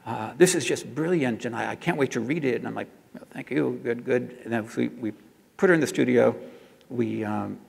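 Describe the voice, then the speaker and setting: A man's voice: medium pitch, moderate pace, creaky, darkish tone, slightly rough, in a large hall. A man telling an anecdote to an audience in a chatty way, with many fillers and restarts. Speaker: speaker recounting advertising work.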